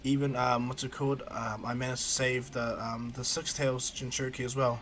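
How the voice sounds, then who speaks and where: A man's voice: mid-range voice, level tone, fairly quick, fairly bright tone, faint music behind, close to an everyday voice. A man voicing a laid-back adult male ninja teacher, rambling with many hesitations. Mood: reporting.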